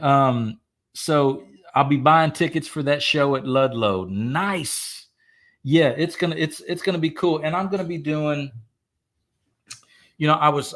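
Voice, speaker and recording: Slow, rambling man chatting live. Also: medium pitch. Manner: rambling, halting, many fillers and restarts. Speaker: singer-songwriter hosting a live stream. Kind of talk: casual live-stream chat. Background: faint guitar playing.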